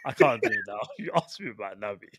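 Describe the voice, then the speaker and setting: A man's voice: on the low side, expressive, quick pace, a bit bright, breathy edge, no room sound, studio quality. A man, co-hosting a live football chat show, full of slangy banter and laughter. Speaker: co-host.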